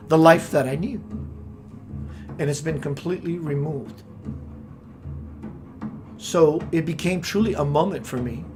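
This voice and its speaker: A man giving a meandering spiritual talk, musing aloud and searching for words as he goes. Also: on the high side. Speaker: spiritual teacher.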